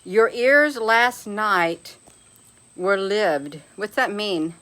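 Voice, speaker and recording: A woman's voice: mid-range voice, expressive, very slow, pushed and bright. Middle-aged woman host, folksy and chatty, addresses live viewers as honey, laughs easily. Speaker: livestream host reading viewer comments. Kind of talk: casual live chat.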